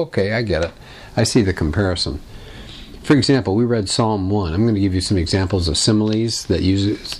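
Low-voiced man teaching a class. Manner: conversational, asks the class questions. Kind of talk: classroom lecture.

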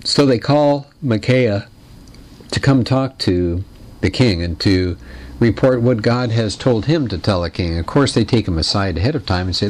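A man teaching a lecture on literature in a conversational, explanatory way, putting questions to his listeners and clearing his throat now and then. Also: lowish voice, expressive, moderate pace, darkish tone.

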